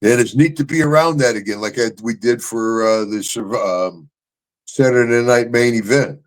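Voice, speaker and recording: Older man, boisterous, laughing, casual storytelling, mid-pitched voice. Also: normal speed. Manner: boisterous, laughs often, shouts catchphrase. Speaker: show host, retired wrestler.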